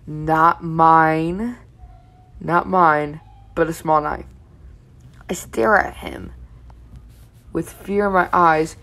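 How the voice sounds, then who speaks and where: A woman's voice: lowish voice, a bit bright. A young woman reading fan fiction aloud with blunt, swear-heavy running commentary. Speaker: reaction channel host.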